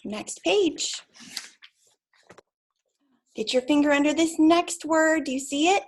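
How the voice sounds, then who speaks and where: A woman teaching young children to read, speaking slowly and encouragingly and drawing out her words. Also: high-pitched. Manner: slow, drawn-out, encouraging teacher voice. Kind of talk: early reading lesson for young children.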